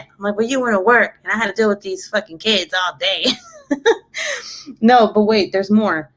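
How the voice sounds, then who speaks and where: A woman's voice: mid-range voice, normal speed. A young adult woman chatting casually to camera, telling a story with lots of swearing and acted-out quotes. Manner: animated, swears freely, acts out quotes. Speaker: mom vlogger.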